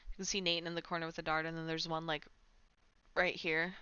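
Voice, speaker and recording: A woman's voice: deep voice, flat delivery, fairly quick, bright, forceful tone, smooth, dry recording. A young woman streamer in casual chat, rambling with lots of fillers, on a dull lo-fi home mic. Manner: chatty, rambling, full of "like" fillers. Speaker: game streamer.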